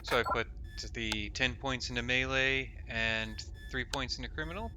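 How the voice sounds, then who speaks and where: A man's voice: medium pitch, moderate pace, noisy background. A man hosting a let's play, chatting casually through his gameplay and reading the game's text aloud. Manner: casual, reads game text aloud, self-directed chatter. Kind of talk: gameplay commentary.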